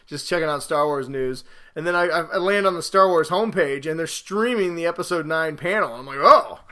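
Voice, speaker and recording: A man hosting a podcast, chatting casually and telling stories with rising excitement and rambling asides. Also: on the high side, fairly quick. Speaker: podcast host.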